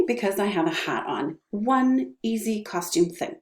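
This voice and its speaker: A woman's voice: mid-range voice, sing-song, a little slow, a little mellow, roomy sound. A middle-aged woman teaching drama, upbeat and encouraging, who checks in with her students often. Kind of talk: online class lesson with vocal warm-ups.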